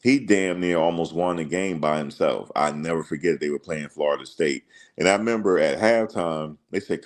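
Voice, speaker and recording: A man's voice: deep voice, moderate pace. A man hosting a casual sports livestream, rambling through stories and slipping into quoted voices. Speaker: host.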